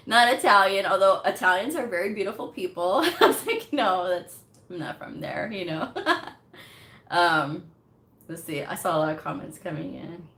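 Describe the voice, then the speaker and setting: A woman's voice: on the low side, a bit bright, echoey room. A woman from Texas hosting a casual livestream, chatting and answering viewer comments with frequent laughter and fillers. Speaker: medical coding livestream host.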